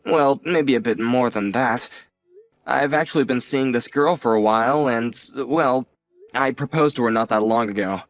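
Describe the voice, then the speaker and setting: Earnest, apologetic young nephew, everyday mid-pitched voice; male actor. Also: moderate pace, faint music behind, lightly acted. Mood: hesitant. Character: grateful young adult nephew, earnest and sheepish. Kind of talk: audio drama acting.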